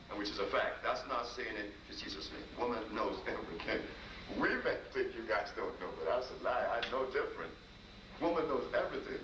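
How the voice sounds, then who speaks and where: A man, a healer, tells stories to a live audience in a lively, conversational way, talking straight to his listeners. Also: on the high side, a little fast. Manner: animated, conversational storytelling with asides to listeners. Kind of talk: storytelling talk to a live audience. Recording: roomy, distant mic with noise.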